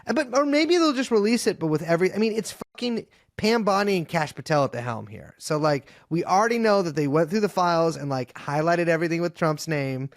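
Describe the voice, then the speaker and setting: Rambling, profane man, fairly high voice. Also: expressive, brisk, hardly any pauses, dry recording, clean studio sound. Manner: rambling, profane, lots of fillers and restarts. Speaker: podcast guest. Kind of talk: casual political chat.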